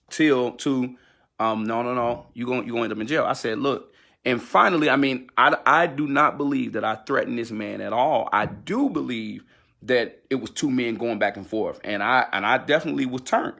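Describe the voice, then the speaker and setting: A man, a gospel singer, giving a candid personal account on a livestream, telling it with animated energy but stumbling through fillers and restarts. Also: mid-range voice, moderate pace, vocal fry.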